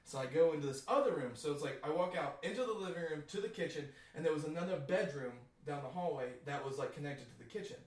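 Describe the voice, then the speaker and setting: A man's voice: on the high side, lively intonation, quick pace, few pauses. A young man, a guest from a band, telling a long story in a rambling, profane way, laughing often and filling gaps with "like". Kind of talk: casual storytelling. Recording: echoey room, distant mic.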